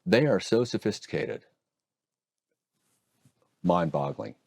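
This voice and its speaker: A middle-aged man from Oregon, a hand surgeon telling stories and explaining procedures in a folksy, animated interview manner. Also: fairly low pitch, slow pace, creaky, husky, dry recording. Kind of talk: conversational interview storytelling.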